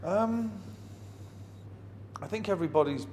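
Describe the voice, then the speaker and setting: A man's voice: high-pitched, lively intonation, a little slow, darkish tone. A middle-aged man, a musician telling anecdotes in an interview in a blunt, wry, heavily swearing manner. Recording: long reverb with faint ambient noise.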